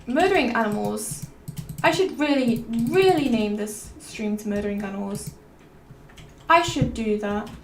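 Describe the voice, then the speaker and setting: A woman's voice: a little high, expressive, unhurried. A woman streamer musing aloud and rambling between topics while playing a game. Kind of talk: rambling gameplay stream chat. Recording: roomy, slightly distant mic with faint noise.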